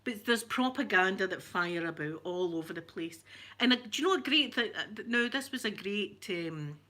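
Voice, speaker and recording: A woman's voice: mid-range voice, lively intonation, moderate pace, bright, forceful tone. A middle-aged Scottish woman hosting a casual livestream, rambling chattily, laughing often and greeting viewers by name. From Scotland. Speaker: livestream host. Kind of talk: casual live-chat rant.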